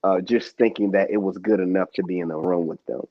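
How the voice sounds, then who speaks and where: A young man, a rapper co-hosting a casual group chat, talking in a relaxed, halting way with many fillers. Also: deep voice, no room sound, muffled recording. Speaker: co-host, rapper.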